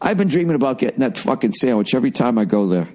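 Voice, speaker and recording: A man in his forties hosts a podcast on his own and rambles through an anecdote in a loose, profane comic monologue. His voice sits at an ordinary middle pitch. He keeps slipping into shrill, exaggerated voices to quote the people in his story. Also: very animated, racing, mellow, slight background noise. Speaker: podcast host.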